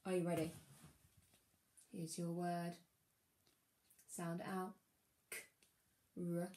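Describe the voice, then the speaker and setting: A woman teaching a phonics lesson to young children, encouraging them and sounding out words slowly. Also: lowish voice, flat delivery, warm tone, roomy sound. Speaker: primary school teacher.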